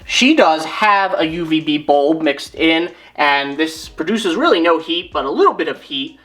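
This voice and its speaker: A woman's voice: deep voice, animated, moderate pace, fairly bright tone. A woman hosting her own channel, casually demonstrating and thinking aloud as she goes, often correcting herself. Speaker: reptile keeper and channel host.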